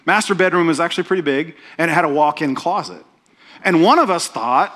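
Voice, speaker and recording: A middle-aged man delivers a relaxed, conversational sermon. His voice is slightly higher than most men's and has a bright, forward ring. He pokes fun at himself and keeps checking in with the congregation. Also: a little fast. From Oklahoma, USA. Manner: conversational, self-deprecating, frequent "right?" asides. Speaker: pastor.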